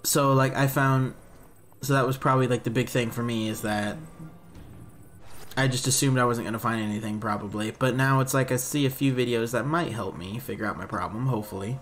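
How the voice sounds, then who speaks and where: A young man giving casual, rambling let's-play commentary, thinking out loud and poking fun at himself. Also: medium pitch, fairly quick, faint music behind.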